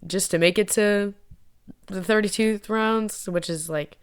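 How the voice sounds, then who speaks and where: A woman's voice: mid-range voice, unhurried, clean tone. A young woman chatting casually to camera as a vlogger, rambling, giggly and poking fun at herself. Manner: rambling, giggly, self-mocking.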